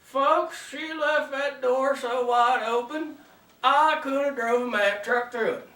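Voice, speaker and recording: Slow, folksy comic host. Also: male voice, extremely high pitch, sharp tone. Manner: drawling, wry, folksy. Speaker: comedy show host. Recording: roomy sound from a distant mic.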